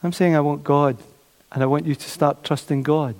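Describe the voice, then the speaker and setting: A man preaching a sermon, animated, repeating his phrases and acting out the voices of doubters. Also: fairly high pitch, normal speed. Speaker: pastor. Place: church. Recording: long church reverb.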